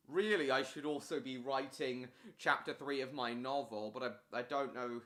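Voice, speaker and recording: A man's voice: mid-range voice, fairly even intonation, moderate pace, few pauses, a bit bright. A man talking casually on a live stream, answering viewers' chat messages one after another.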